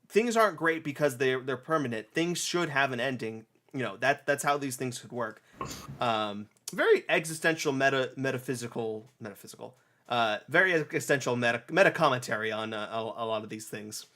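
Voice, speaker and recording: A young man hosting a casual review chat, retelling a game's story with lively acted-out snatches of dialogue. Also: mid-range voice. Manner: animated, acts out characters in quick snatches, many restarts. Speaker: game reviewer. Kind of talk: casual podcast chat, retelling a game plot.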